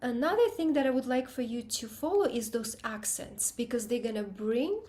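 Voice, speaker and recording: A woman's voice: a little high, lively intonation, normal speed, warm tone. A woman teaching piano, giving students encouraging feedback and singing out rhythms to show how passages go. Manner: encouraging, sings out rhythms to demonstrate. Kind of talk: online group piano lesson feedback.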